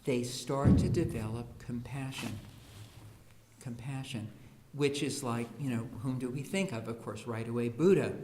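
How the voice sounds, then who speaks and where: A man's voice: medium pitch, measured pace, dark tone. A man giving a humorous talk on education to an audience, acting out the voices of parents and children as he tells stories. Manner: humorous storyteller, acts out quoted children and parents. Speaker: speaker on education. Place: school hall. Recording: echoey room with faint hiss.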